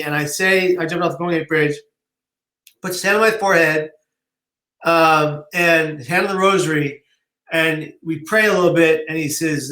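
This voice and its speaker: A man, guest on a live-streamed interview, telling his story in an emotional, animated way. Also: on the high side, echoey room. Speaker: guest, suicide prevention advocate.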